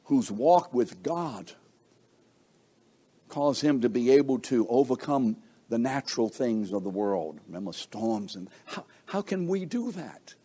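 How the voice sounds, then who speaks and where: A middle-aged man preaching a sermon, slow and emphatic, asking the congregation rhetorical questions. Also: big pitch swings, mellow, slightly rough. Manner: slow, emphatic preaching with wide swings in pitch and volume.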